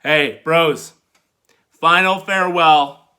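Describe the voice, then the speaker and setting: A man's voice: a little high, slow pace, sharp tone, smooth. A man hosting a podcast, giving a laid-back, chatty wrestling recap. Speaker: podcast host.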